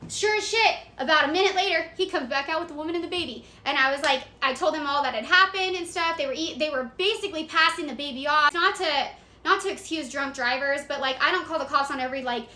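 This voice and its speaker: A young woman telling a dramatic story in a casual, excitable way, swearing freely and acting out the moments. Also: sits high, fast. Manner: excitable, profane, dramatic retelling. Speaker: storyteller vlogger. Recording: echoey room.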